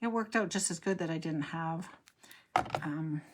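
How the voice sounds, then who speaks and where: A woman's voice: low-pitched, unhurried, heavy background noise. A middle-aged woman hosting a crafting tutorial, chatting and rambling to herself as she works. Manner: chatty, rambling, talks to herself while working. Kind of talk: casual crafting demo chat.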